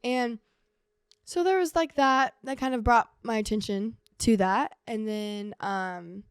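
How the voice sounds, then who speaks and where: A woman's voice: a little high, unhurried, clean tone, no echo, clean studio sound. A young woman talking as a podcast guest, earnestly recounting her school struggles and acting out her old thoughts. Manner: earnest, acts out her own past thoughts in quotes. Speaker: podcast guest, host's sister. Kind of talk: casual chat.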